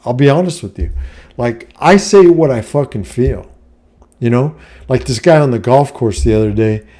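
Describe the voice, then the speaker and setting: A middle-aged man talks straight to camera in a casual monologue, blunt and profane, tagging his points with a questioning filler. His voice is warm and mellow rather than bright. His pitch sits in an ordinary middle range for a man. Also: expressive, normal speed. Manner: blunt and profane, heavy "you know what I mean" filler. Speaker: vlogger giving life advice.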